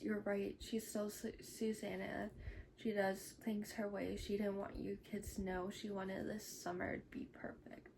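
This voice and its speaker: A woman's voice: mid-range voice, creaky. A woman casually recapping a novel chapter by chapter, acting out the characters' lines with "he's like" and "she's like.". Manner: retells scenes in quotes, "she's like". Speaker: book reviewer. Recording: noisy background hiss.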